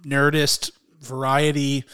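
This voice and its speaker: A man's voice: mid-range voice, completely flat delivery, slow, pushed and bright, clean tone. A man hosting a movie podcast in casual chat, rambling with lots of fillers. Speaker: podcast host.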